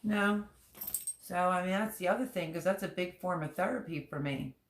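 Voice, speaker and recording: A woman's voice: lowish voice, moderate pace. Rambling candid woman in echoey room. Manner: rambling, candid and emotional, repeats herself. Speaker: livestream host. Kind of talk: casual livestream chat.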